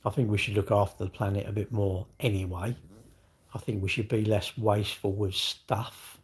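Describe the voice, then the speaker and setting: A man's voice: fairly low pitch, fairly even intonation, moderate pace, slightly rough. A man chatting casually on a live stream, rambling from thought to thought and greeting viewers mid-sentence.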